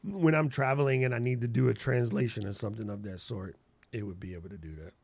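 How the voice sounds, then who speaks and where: Animated man podcast co-host, dry sound. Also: medium pitch, fast, creaky, breathy edge, no echo. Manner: animated, playful, uses slang and mouth sound effects. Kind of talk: casual podcast chat.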